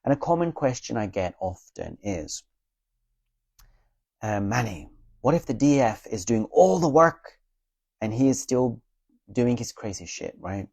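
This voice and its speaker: A man's voice: mid-range voice, expressive, unhurried, vocal fry, pauses often, a little mellow, husky, no room sound. A man speaking casually and earnestly to viewers about spiritual healing, reassuring them, checking in with "okay?" and swearing bluntly now and then. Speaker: spiritual advice creator.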